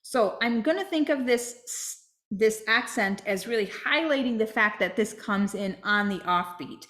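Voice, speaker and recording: A woman's voice: on the high side, lively intonation, a little slow, a bit bright, roomy sound. A woman teaching a flute masterclass, explaining step by step and checking in with "right?".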